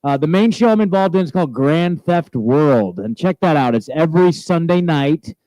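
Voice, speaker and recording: A man hosts interviews on a festival stage, talking into a handheld mic. He is playful and full of energy, drifting between jokes, and his voice sits a little high. The sound is dry and close. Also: normal speed, no echo, low-quality recording. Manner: joking, energetic, scattered. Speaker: host interviewing festival presenters. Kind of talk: casual onstage chat. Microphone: handheld microphone.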